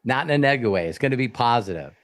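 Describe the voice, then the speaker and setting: A man's voice: mid-range voice, rapid-fire. Blunt, profane male coach. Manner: blunt, profane, animated storytelling. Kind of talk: live Q&A coaching talk.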